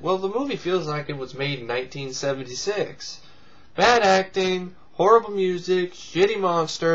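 A vlog host delivers sarcastic, profane comic commentary, mocking things in squealed put-on voices. His voice is on the high side and a bit bright, and the recording has its highs cut off.

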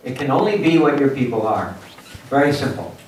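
A man giving a lively motivational lecture at a symposium, acting out little scenes for his audience. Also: medium pitch, fairly quick, a little hiss or hum. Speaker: guest speaker at a symposium. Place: university lecture hall. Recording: echoey hall from far off.

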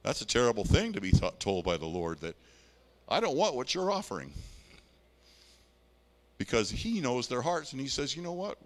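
A male pastor preaching with a lively, swinging pitch. He talks to the congregation in a folksy, conversational way, mixing scripture reading with homely asides. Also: normal speed, pauses often, in a large hall. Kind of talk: sermon.

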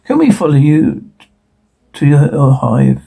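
A man's voice: fairly high pitch, sing-song, a little slow, gravelly, mellow, slightly rough, poor audio. A man dubbing a whole scene alone, switching between characters and reading the sound cues aloud. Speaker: voice performer. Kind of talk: solo dub of a TV scene.

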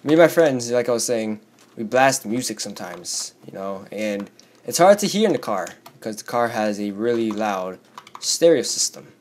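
A teenage boy with a hoarse voice from screaming, chatting and rambling while playing a block-building game, yelping when scared. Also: fairly low pitch, lively intonation, moderate pace, a little mellow, a little hiss or hum. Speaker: gaming YouTuber. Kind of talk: Minecraft let's play commentary.

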